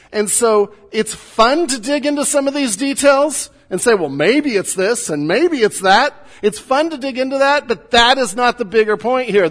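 High-voiced pastor preaching in a reverberant hall. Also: male voice, fairly bright tone. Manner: conversational teaching with light humor. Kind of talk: sermon.

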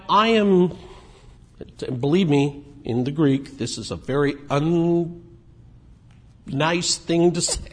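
A man preaching a sermon in a conversational way, moving between emphatic points and quiet asides. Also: on the high side. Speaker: pastor.

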